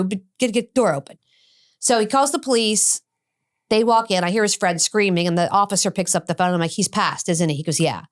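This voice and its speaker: Woman, middle-aged, podcast guest, storytelling, animated quoted dialogue, mid-pitched voice. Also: fast talker. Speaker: addiction expert guest. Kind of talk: personal storytelling in a podcast interview.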